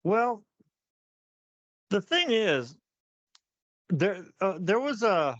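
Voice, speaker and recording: A man co-hosting a casual talk show, animated, laughing often and repeating words as he thinks. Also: high-pitched, very slow, dry recording, dull audio. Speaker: podcast co-host. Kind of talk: casual chat.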